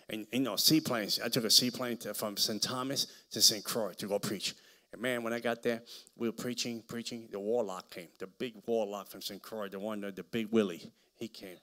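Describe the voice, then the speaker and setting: A man preaching as a guest speaker, telling stories with dramatic swings from quiet murmurs to shouting. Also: lowish voice, normal speed. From Hispanic American. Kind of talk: preaching with storytelling. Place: church hall.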